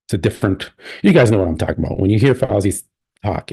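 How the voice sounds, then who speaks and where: Low, dark-voiced male stream host. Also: lively intonation, fast talker, vocal fry, husky. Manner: rambling and opinionated, many restarts. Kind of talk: casual live stream commentary.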